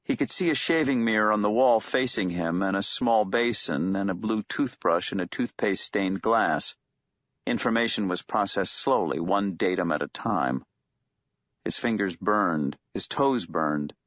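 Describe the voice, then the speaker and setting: A man narrating an audiobook in a measured, steady way. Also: lowish voice, no room sound. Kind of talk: scripted narration. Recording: dull lo-fi dry recording.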